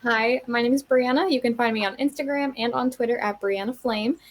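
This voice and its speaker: Casting note: female player, a bit higher voice, cheerful self-introduction on a stream. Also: fairly even intonation, fairly quick. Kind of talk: casual livestream introduction.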